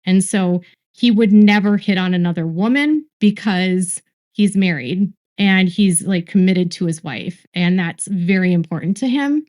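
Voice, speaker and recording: Woman commentator in a played clip, recounts gossip from sources, slow and repetitive. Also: mid-range voice, darkish tone. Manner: lists traits slowly, repeats words for emphasis. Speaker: online commentator.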